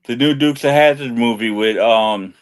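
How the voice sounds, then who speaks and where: A man's voice: mid-range voice, clear, resonant tone. A young man co-hosting a podcast, rambling with restarts and cursing in casual banter. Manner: rambling, profane, halting restarts. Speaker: podcast co-host.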